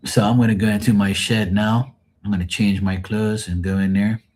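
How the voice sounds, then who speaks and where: A man's voice: lowish voice, little pitch movement, normal speed, a little mellow. A man chatting casually to his livestream viewers, rambling and swearing freely in a joking way. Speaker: livestream host.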